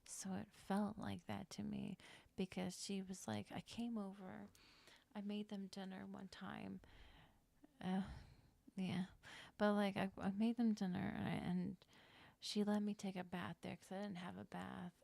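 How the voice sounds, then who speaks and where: A young woman livestreaming, telling a personal story in a loose, rambling way, full of fillers and frank swearing. Her voice is gravelly and stays fairly level in pitch. The sound is dry and close, with little room around it. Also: level tone, moderate pace, a little mellow, no echo. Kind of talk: casual storytelling on a live stream.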